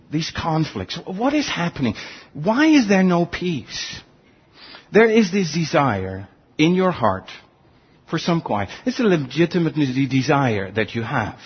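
Animated, husky-voiced male pastor preaching. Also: muffled recording. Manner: earnest, rhetorical questions, animated swings in pitch. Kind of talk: sermon.

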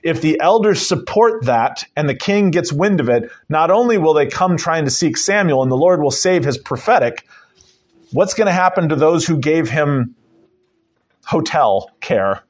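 A man's voice: on the high side, lively intonation, normal speed. A man preaching a conversational Bible-teaching sermon, emphatic and dropping in joking asides.

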